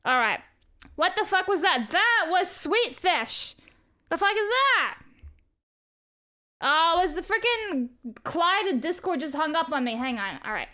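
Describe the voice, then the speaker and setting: A woman's voice: very high-pitched, big pitch swings, a little slow, sharp tone. A woman livestreamer chatting casually and reading viewer messages aloud. She rambles, jokes and swears freely. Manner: rambling and profane, reads chat aloud. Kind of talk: casual live stream chat.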